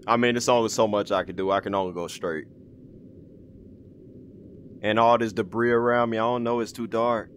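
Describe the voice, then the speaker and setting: A man giving casual, excitable commentary while playing a VR game, slangy and swearing freely. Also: lowish voice, moderate pace, long pauses, a little hiss or hum. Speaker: VR gaming video host. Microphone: VR headset setup.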